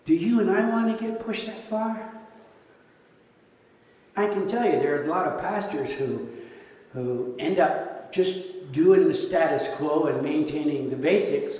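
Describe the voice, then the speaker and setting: A man's voice: fairly high pitch, normal speed. A man preaching a sermon over slides, joking and firing rhetorical questions at his congregation. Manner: animated, jokey, rhetorical questions. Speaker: pastor. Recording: echoey hall from far off.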